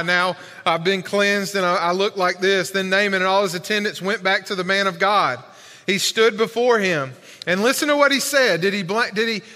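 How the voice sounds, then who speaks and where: A man's voice: a little high, bright, forceful tone. A male pastor preaching a sermon in a large church, emphatic and colloquial, with many rhetorical questions. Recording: long hall reverb.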